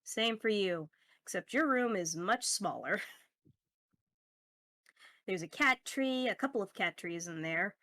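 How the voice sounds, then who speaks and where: Slow-paced woman game master. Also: medium pitch, no room sound, clean studio sound. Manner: slow, relaxed narration with fillers and laughs. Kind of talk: narrating a tabletop game.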